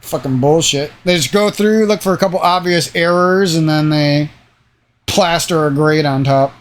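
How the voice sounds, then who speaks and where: A man's voice: fairly high pitch, normal speed. A young man chatting in a casual, meandering way, swearing often and drifting into rants, with a slightly nasal voice. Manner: meandering, profane, ranting. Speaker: gaming channel host. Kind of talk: casual rambling chat.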